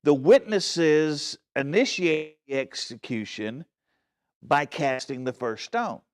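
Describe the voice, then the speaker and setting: A man's voice: fairly high pitch, takes it slowly. A man with a slightly raised voice teaching a Bible study from the front of a church. He talks earnestly and stresses his points, often checking that his listeners are following. He restarts phrases and corrects himself along the way. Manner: frequent restarts and self-corrections.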